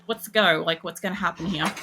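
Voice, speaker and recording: A woman's voice: on the low side, fast, background noise. A young woman streams a game, rambling through stories with a lot of swearing and laughter. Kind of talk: casual live-stream chat while playing.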